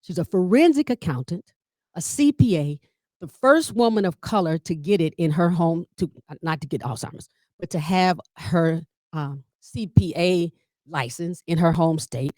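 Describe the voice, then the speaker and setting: A woman comedian and family caregiver leading a workshop, telling stories with humor and talking straight to her audience, often jumping up in pitch to act out what people said. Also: moderate pace, no room sound, clean studio sound. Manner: lively storyteller who addresses the audience directly; acts out quoted dialogue with big pitch jumps.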